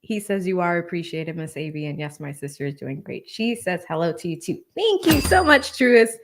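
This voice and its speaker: A woman's voice: fairly low pitch, lively intonation, moderate pace, a little hiss or hum. A woman hosting a casual livestream, laughing often and reading viewer comments aloud. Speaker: livestream host. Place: Atlanta.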